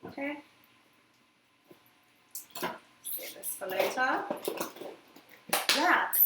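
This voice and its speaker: A woman's voice: sits high, sing-song, extremely slow. A woman hosting a live cooking stream from her home kitchen, rambling casually to viewers as she cooks. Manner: chatty, rambling, talks to viewers while cooking. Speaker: live cooking show host. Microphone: phone set back from her. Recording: roomy echo, distant mic, clear background noise.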